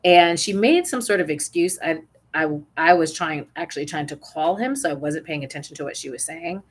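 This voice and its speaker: A woman's voice: low voice, a little fast, breathy edge. A young adult woman and parent coach, candidly telling a personal parenting story with small restarts.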